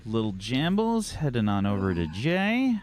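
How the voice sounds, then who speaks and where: A game master chatting casually while setting up a tabletop roleplay session. The voice is unhurried and lively. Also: medium pitch. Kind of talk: casual banter.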